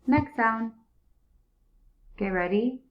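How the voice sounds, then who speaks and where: A woman teacher leading a young class through sounding out words, giving slow, clear, repeated cues. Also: on the high side, lively intonation, muffled recording, a little hiss or hum. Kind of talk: early reading lesson for young students.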